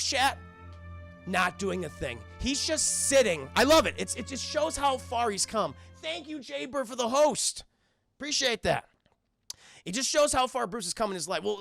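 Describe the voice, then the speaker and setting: Gravelly, excitable man recapping for chat. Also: very high-pitched. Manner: animated retelling, acting out characters' lines, swearing, addressing chat. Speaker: streamer reviewing a cartoon episode.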